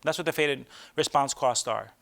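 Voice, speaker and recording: A man's voice: mid-range voice, normal speed, gravelly, a bit bright. A middle-aged man, a sleep doctor, giving a live talk to parents in a conversational way, often checking in with the audience with rhetorical questions.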